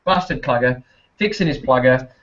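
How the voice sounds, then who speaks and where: A man's voice: medium pitch, moderate pace, fairly bright tone, muffled recording. A man with a South Australian accent, a podcast guest telling rambling stories, swearing heavily and laughing often. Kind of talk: casual chat.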